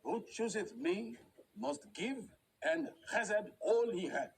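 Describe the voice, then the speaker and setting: A proud prince who ponders aloud in verse, soft and half-laughing. The voice sits high. There is faint background noise. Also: male voice, very animated, takes it slowly, creaky, heavily acted, low-quality recording. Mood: musing. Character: proud regal male prince weighing a choice. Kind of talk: stage drama in verse.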